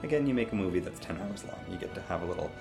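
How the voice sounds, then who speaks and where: A man co-hosting a casual movie review podcast, relaxed and laughing often, trailing off mid-sentence. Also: sits low, very fast, gravelly, music in the background. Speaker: podcast co-host.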